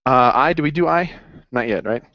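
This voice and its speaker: A man's voice: medium pitch, animated, a little fast, dry recording, muffled recording. A man running a casual accounting review session, upbeat and jokey as he encourages his students. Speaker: accounting tutor.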